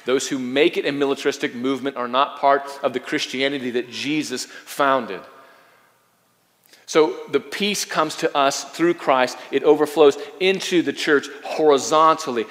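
Male pastor, mid-pitched, earnest sermon delivery, hall reverb. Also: fairly bright tone. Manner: earnest preaching with repeated phrases and emphatic stresses.

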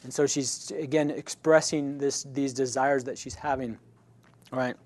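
A man's voice: medium pitch, steady tone, moderate pace, a little mellow. A man teaching a Bible study class in a conversational way. He keeps checking in with his listeners and often restarts or corrects himself mid-sentence.

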